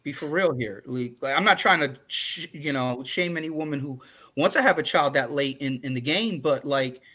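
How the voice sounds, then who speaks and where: Co-host, male, 40s: bright, slightly high voice, candid and rambling, lots of restarts. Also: moderate pace. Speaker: podcast co-host. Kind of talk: casual chat.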